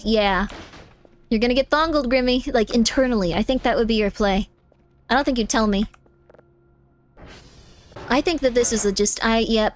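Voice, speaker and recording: A young woman streaming a game live, chatting fast and often repeating herself, with sudden exasperated outbursts. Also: fairly high pitch. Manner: chatty, repeats phrases, bursts of exasperated yelling.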